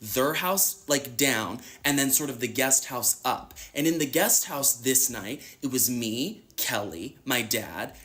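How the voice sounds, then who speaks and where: A man recounting a personal story in a clip, his medium-pitched voice bright and clear. He tells it chattily and dramatically, slipping into the voices of the people he quotes. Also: lively intonation. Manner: chatty, quick, dramatic retelling with acted-out quotes. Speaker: guest telling a personal story. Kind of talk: casual storytelling in an interview clip.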